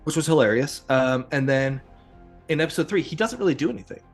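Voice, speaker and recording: A man hosts a casual podcast chat, rambling with lots of fillers and chuckles. He talks fast in a high-ish voice with lively intonation, over soft background music.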